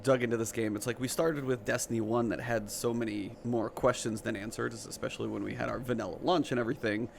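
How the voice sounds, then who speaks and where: A man's voice: medium pitch, fairly even intonation, fast, gravelly, hardly any pauses, a little hiss or hum. A man co-hosting a gaming podcast who asks rambling questions and laughs easily. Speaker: podcast co-host. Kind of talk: casual podcast interview.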